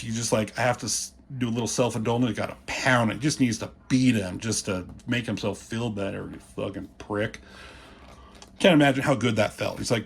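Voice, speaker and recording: Husky guy rambling through a comic, swearing a lot, doing the characters' lines himself. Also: medium pitch, moderate pace. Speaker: guest host walking through comic pages. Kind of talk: casual commentary.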